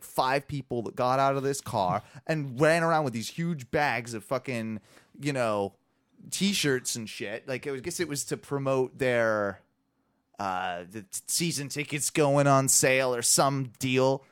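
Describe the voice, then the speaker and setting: A man's voice: mid-range voice, a little slow, clear, resonant tone, no echo, studio quality. A man co-hosting a podcast, telling a long, rambling, profane story in casual chat. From Orlando area, Florida. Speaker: podcast co-host.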